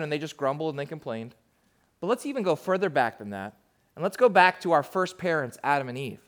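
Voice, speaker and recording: A man's voice: a little high, a bit bright. A man who is a pastor, preaching a sermon in an emphatic, conversational way.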